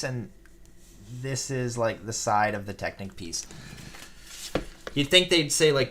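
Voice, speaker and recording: On a laid-back live stream, a man puts together a Lego set while chatting and reading comments from viewers aloud. His voice is medium-pitched with a fairly bright tone.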